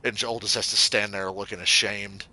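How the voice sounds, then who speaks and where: A man's voice: fairly low pitch, flat delivery, moderate pace, pushed and bright. A man giving casual gameplay commentary, rambling and swearing freely, and getting heated as he goes. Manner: rambling, profane, gets heated. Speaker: let's play gamer.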